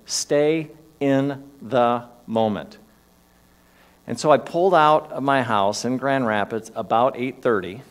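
A man preaching in a church in a relaxed, conversational storytelling manner. His voice sits in a middle range, and he lets his emphasis rise and fall as he talks through a personal story for his congregation. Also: medium pitch. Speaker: minister. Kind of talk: sermon. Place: church sanctuary.

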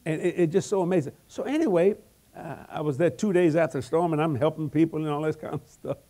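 An older man preaching an evangelism sermon, telling humorous stories in a folksy, animated way and often repeating words. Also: on the high side, fast talker.

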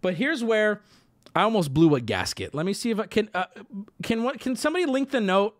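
A man's voice: high-pitched, sing-song, fairly quick. A man hosting a livestream, telling a story to his chat in a heated, profane rant. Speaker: livestream host. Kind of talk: casual ranting to chat.

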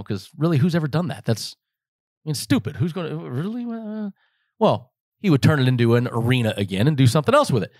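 A lively American man in his forties tells stories in an interview, joking along and slipping into his family's voices as he goes. His voice sits at an ordinary middle pitch, dry and close with no room around it. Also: no echo. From Las Vegas, United States. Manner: animated, joking storyteller who acts out his family's voices. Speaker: guest. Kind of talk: casual interview storytelling.

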